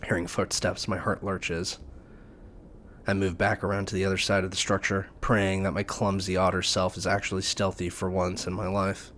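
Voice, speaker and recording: A man's voice: sits low, level tone, moderate pace, fairly bright tone, slight background noise. A man reading a visual novel aloud, narrating the story in a casual way. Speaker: let's play narrator.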